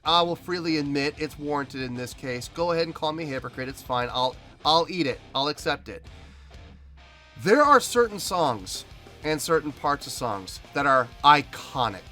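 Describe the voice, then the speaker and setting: A man's voice: on the high side, expressive, normal speed, bright, forceful tone. A man hosting a music reaction video, talking emphatically and repeating himself as he rants.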